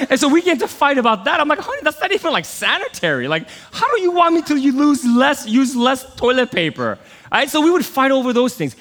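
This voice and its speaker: A middle-aged man telling a personal story in a sermon, swinging from loud outbursts to hushed asides. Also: mid-range voice, in a large hall. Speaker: pastor.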